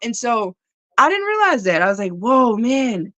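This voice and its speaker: A woman's voice: a little high, very animated, moderate pace, a bit bright, no echo, highs cut off. A woman guest in a casual spiritual conversation, talking animatedly, often laughing and acting out the voices she quotes.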